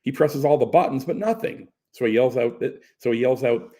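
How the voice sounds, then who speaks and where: A man reading a first-person story aloud in a relaxed storytelling way. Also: mid-range voice, fairly quick. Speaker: narrator. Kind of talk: first-person audiobook narration.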